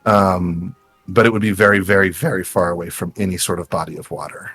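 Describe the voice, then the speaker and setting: A man's voice: deep voice, steady tone, brisk, fairly bright tone, faint music behind. A man as a guest on a casual panel chat, rambling and chuckling.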